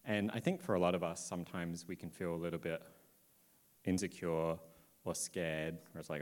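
Deep-voiced man giving a casual Bible talk. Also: fairly even intonation, normal speed, a little mellow. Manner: casual, many filler ums, loosely paraphrasing. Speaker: church speaker. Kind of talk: informal Bible talk to a group. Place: indoor room with listeners.

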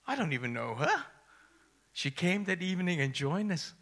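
A middle-aged man from Malaysia, a pastor telling his own story in a sermon, dropping to whispers and rising to excited highs. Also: normal speed. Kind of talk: sermon testimony.

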